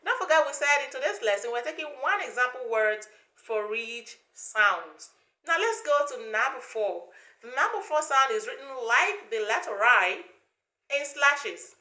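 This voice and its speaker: Slow, bright-voiced woman teaching vowel sounds. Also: high voice, very animated, roomy sound. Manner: slow, deliberate, repeats sounds for learners to copy. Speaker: pronunciation teacher. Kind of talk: English pronunciation lesson.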